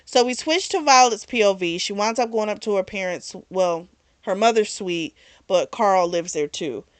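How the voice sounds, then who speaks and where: A woman hosting a book club vlog, chatting her way through a story recap with lively asides. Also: mid-range voice, moderate pace, no echo.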